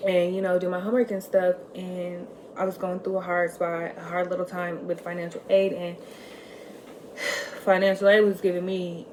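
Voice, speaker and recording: A young woman vlogger telling a candid personal story in casual chat, full of "like" fillers and swinging between loud and soft. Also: fairly low pitch, slight background noise. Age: young adult.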